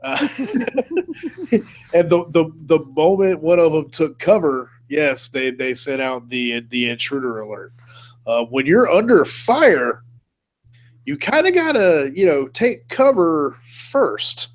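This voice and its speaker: A laid-back man hosts a casual live-stream chat, laughing often and tossing in "man" and "dude". His voice sits a little higher than most men's. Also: big pitch swings, slow pace. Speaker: host.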